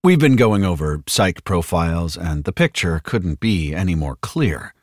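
A man voicing a slick, overconfident corporate spokesman with a smooth news-anchor cadence. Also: sits low, sing-song, unhurried, no echo, studio quality, full character voice. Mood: hearty.

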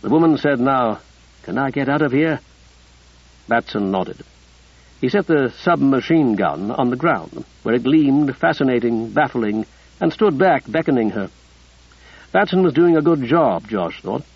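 A man narrating an audiobook in a measured, even storytelling manner. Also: medium pitch, creaky, breathy edge, no echo, highs cut off.

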